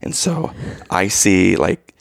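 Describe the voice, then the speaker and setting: A young man co-hosting a casual chat, telling a story in a lively, animated way and acting out his own yells. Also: deep voice, slow, creaky, dry recording, clean studio sound.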